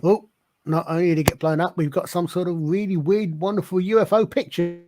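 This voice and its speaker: A man's voice: sits high, steady tone, a little fast. A man hosting a casual live-stream discussion, rambling with many restarts and fillers. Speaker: stream host.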